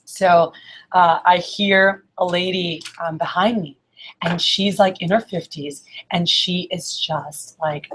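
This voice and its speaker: A woman's voice: on the low side, steady tone, slow, fairly bright tone, a little hiss or hum. Chatty woman telling a story to a group. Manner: chatty, fills with "like" and checks in with "right?". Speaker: speaker at a group meeting. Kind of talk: casual storytelling talk to a group.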